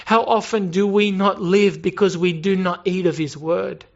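A man's voice: sits high, fairly even intonation, normal speed, muffled recording. A man preaching a sermon in an earnest way, asking rhetorical questions and building emphasis. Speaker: pastor.

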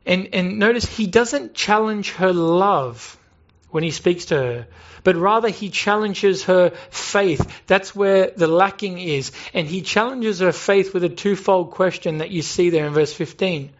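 A man's voice: high voice, unhurried, highs cut off. A man preaching a sermon in an earnest way, asking rhetorical questions and building emphasis. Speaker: pastor.

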